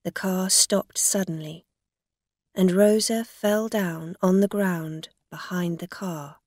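A woman narrates a simple learner's story very slowly and carefully. Her voice has a gravelly edge, and the recording is dry and close. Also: lowish voice, fairly even intonation, a little mellow, dry recording. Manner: slow, careful, plain reading. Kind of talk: graded-reader story narration.

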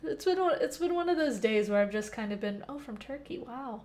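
A young woman hosts a laid-back coding livestream from a temporary home, using a headset mic. She reads chat out loud and fields questions, filling gaps with lots of fillers, in a slightly high, darkish voice that is animated and a bit fast.

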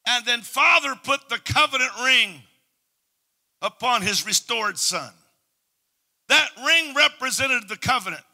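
A man with a Canadian accent preaching a Pentecostal sermon as pastor, moving from hushed, quiet passages to loud shouted declarations. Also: very high voice, expressive, takes it slowly, pauses often. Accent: Canadian English.

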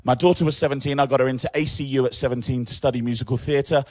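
An English man in his forties, emceeing an event with lively, joking stage talk. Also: medium pitch, fast, no echo. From England. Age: 40s. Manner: animated, joking, chatty.

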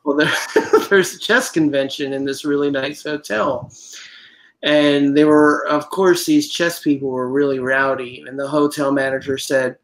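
A man's voice: on the high side, steady tone, unhurried, rough recording. A man who hosts the show, telling jokes in a casual chat with self-deprecating chuckles. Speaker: show host.

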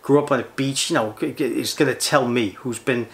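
A man's voice: fairly even intonation, fairly quick, creaky. Fired-up middle-aged man ranting. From United States. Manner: fired-up, indignant, swinging pitch, rhetorical questions. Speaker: fishing channel host. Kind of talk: heated ranting monologue.

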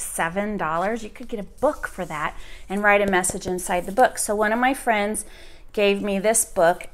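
A woman's voice: medium pitch, a bit bright. A woman, a homeschooling mother, chatting casually and eagerly about picture books and holding them up for the camera. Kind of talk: casual book recommendation chat.

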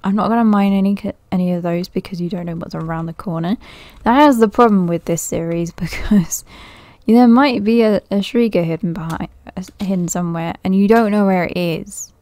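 A woman's voice: medium pitch, a little fast, mellow, dry recording. A woman giving casual let's-play commentary, thinking aloud nervously, often laughing and dropping to a whisper. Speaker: gaming video creator.

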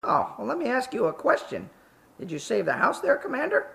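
A man's voice: very high voice, wildly swooping pitch, a little fast, creaky, sharp tone, full character voice. A man's synthesized voice playing a sarcastic, short firefighter from Canada who needles the others, with hesitant fillers. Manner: mocking, with filler "uh" and "there".

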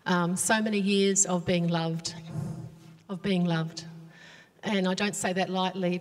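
A woman giving a soft-spoken, heartfelt farewell to her church. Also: medium pitch. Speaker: departing church member. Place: church hall. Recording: long church hall reverb.

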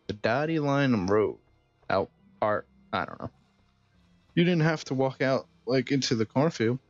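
A man's voice: medium pitch, animated, a little slow, natural voice. A man voicing a sardonic, awkward young adult female cat in a video game, reading her lines dryly. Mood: sarcastic. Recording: dull dry game capture with music.

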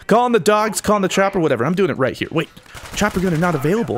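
Young guy yelling over a shooter game, voice a bit high, swings all over the place, faint hiss behind. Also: fast talker. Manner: excitable, jumps to high yelps when the action spikes. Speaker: gaming YouTuber. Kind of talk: gameplay commentary.

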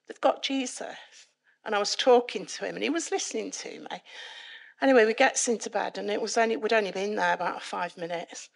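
Gravelly woman telling her testimony. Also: fast. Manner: dramatic, lively retelling that climbs in pitch and volume. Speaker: guest speaker giving a testimony. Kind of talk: personal testimony storytelling. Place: church worship event, live audience.

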